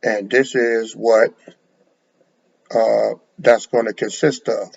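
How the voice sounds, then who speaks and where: A man preaching in a low, slow, flat voice with a gravelly, husky grain. He lectures bluntly and stumbles over repeated words. The recording sounds dull and lo-fi. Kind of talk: sermon to camera.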